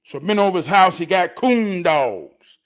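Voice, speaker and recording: A man hosting his show, telling a story with animated delivery that swings from low mutters to loud excited shouts. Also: moderate pace.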